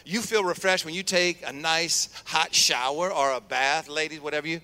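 A male pastor with a high, bright, forceful voice preaches a sermon with energy, repeatedly drawing call-and-response from his congregation. He speaks at a moderate pace with hardly any pauses and a clean tone, while the church sanctuary rings with long reverb.

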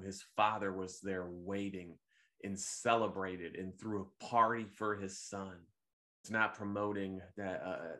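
Guy with a really low voice talking softly through a devotional reflection, some ums and restarts. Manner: gentle, unhurried, with occasional fillers and restarts. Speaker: podcast host leading devotional meditation.

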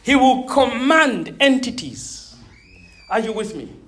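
A woman in her thirties preaching a sermon, animated and laughing often, checking in with her listeners and repeating words as she thinks. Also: fairly high pitch, takes it slowly. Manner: repeats words when searching for them.

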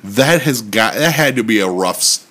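A man's voice: on the low side, animated, moderate pace, bright, forceful tone. A young man co-hosting a podcast, talking bluntly and dryly, swearing casually. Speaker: podcast co-host. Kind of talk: casual chat.

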